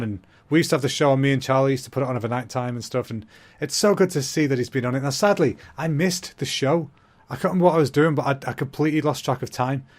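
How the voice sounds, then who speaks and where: A young man, hosting a comedy podcast in a rambling, self-mocking monologue, talking quickly. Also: medium pitch.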